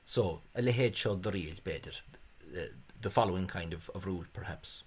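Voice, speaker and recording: Male lecture host, slightly low pitch, halting delivery, scornful tone. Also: husky. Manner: hesitant, many fillers, scornful asides. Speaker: language video host. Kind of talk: spoken lecture on spelling reform.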